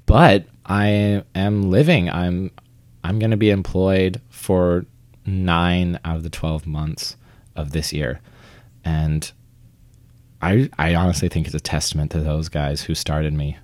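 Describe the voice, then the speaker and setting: A young man from Vermont with a very low voice talks about his life in an interview. He is chatty and self-deprecating and often restarts his sentences. The recording is dry and close, with little room sound. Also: steady tone, slow pace, darkish tone, no room sound. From Vermont, United States. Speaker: interviewee, theater actor. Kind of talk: conversational interview.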